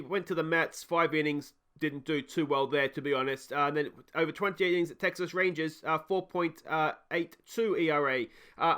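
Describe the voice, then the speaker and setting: A man's voice: on the high side, fairly bright tone, clean tone. An Australian man hosting a let's play, chatting casually through game commentary with frequent ums and uhs.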